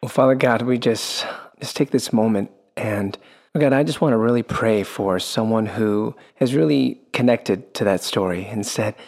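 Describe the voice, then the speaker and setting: A woman's voice: very deep voice, normal speed, darkish tone. A woman co-hosting a talk show, giving affirming responses and leading an earnest prayer. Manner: responsive, lots of affirming murmurs, prays earnestly. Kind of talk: interview co-host and prayer.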